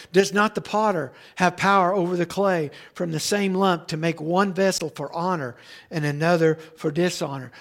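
High gravelly-voiced man preaching. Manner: preaching with Bible readings, restarts, asides to the tech team. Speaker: pastor. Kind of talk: sermon.

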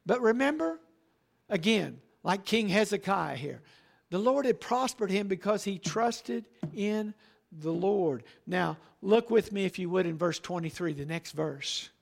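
A man's voice: high-pitched, animated, a little slow, gravelly. A middle-aged male pastor preaching a sermon emphatically, often checking in with "all right?".

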